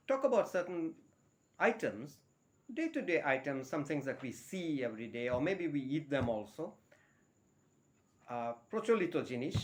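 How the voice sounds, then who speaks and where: Man teaching spoken English. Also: fairly high pitch. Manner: spells words letter by letter, repeats key words; switches between English and Bengali.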